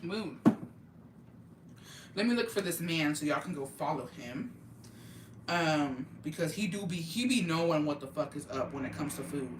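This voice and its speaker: A young woman from Oaxaca, Mexico, chatting casually and profanely with her live-stream viewers in an animated, slangy way. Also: low-pitched, normal speed, noisy background. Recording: roomy, mic at a distance.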